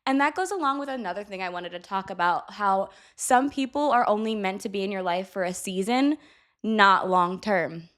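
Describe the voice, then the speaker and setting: A woman's voice: medium pitch, moderate pace, fairly bright tone. A young adult woman chatting candidly to camera, giving blunt life advice and swearing casually. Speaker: vlogger.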